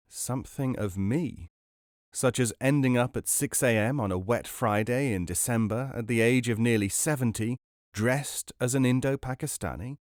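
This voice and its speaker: A man narrating a book aloud in a measured, expressive storytelling manner. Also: medium pitch, no echo, studio quality. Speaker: podcast narrator. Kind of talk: audiobook reading.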